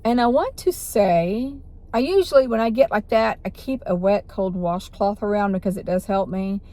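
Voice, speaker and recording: A woman's voice: medium pitch, moderate pace, dark tone. A woman vlogger telling a personal story in a rambling way, with restarts and self-corrections.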